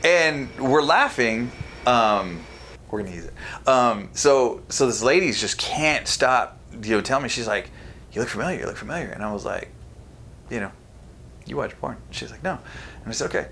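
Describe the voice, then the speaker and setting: Animated storytelling man, swears freely. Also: medium pitch, normal speed, slight background noise. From California. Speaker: podcast guest. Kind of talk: casual storytelling chat.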